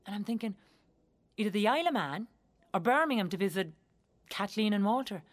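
A woman's voice: mid-range voice, lively intonation, fairly quick, natural voice. An actress with an Irish accent performing a theatrical monologue as a young Irish woman who speaks in an earthy, wry and blunt way and swears freely.

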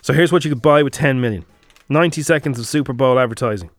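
An Irish man hosting a breakfast radio show, teasing his co-hosts and rattling off directions for a prank. His voice sits at an ordinary middle pitch and moves along in a chatty, playful way. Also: fast, no echo.

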